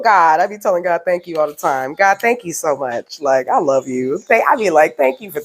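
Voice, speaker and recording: Animated, laughing woman reader, lowish voice. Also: brisk, hardly any pauses. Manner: animated, laughing often, slangy and emphatic. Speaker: spiritual card reader. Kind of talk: casual spiritual reading to viewers.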